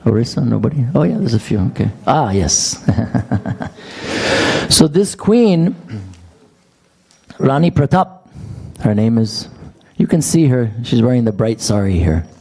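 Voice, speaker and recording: Mellow, husky-voiced man telling temple stories. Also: mid-range voice, big pitch swings, measured pace, pauses often. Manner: chatty, joking anecdotes with quoted dialogue. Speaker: class speaker at a temple. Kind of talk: storytelling scripture class. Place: temple hall with gathered audience.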